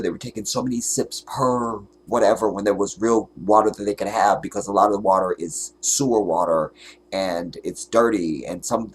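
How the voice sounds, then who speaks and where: On his livestream, a low-voiced man pours out an emotional monologue, fervent and tearful as he tries not to cry. He keeps halting and sinking to a whisper, and a little hiss or hum sits under the audio.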